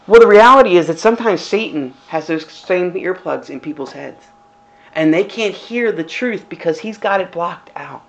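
A man's voice: sits high, expressive, normal speed, fairly bright tone, low-quality recording. A middle-aged male pastor giving a conversational sermon, full of rhetorical questions.

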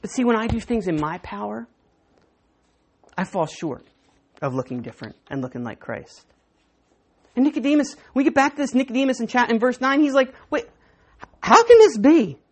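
A middle-aged woman preaching in a relaxed, conversational way, mixing scripture with self-deprecating jokes and stories. Her voice is husky and sits fairly high. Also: a little fast, pauses often. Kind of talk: sermon.

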